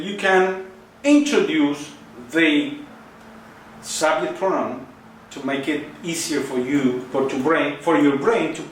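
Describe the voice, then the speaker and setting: Male language teacher, animated, prompting students, voice a little high; roomy and distant recording. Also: slight background noise. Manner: lively, coaxing questions to students. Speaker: Spanish teacher. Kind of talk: recorded online lesson. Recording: very echoey room, mic at a distance.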